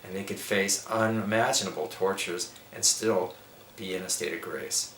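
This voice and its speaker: A middle-aged man talks in an emphatic, preaching way as a yoga teacher being interviewed, building his ideas point by point. His voice is fairly low but bright and forceful. The room rings with echo, and a faint hiss sits under the recording. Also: fairly even intonation, moderate pace. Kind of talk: spiritual interview talk. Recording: echoey room with faint background noise.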